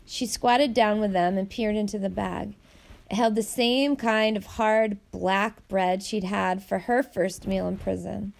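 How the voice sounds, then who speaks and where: A woman's voice: medium pitch, steady tone, measured pace, vocal fry, darkish tone. A woman narrating a novel aloud, reading the dialogue with light character shifts. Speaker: audiobook narrator.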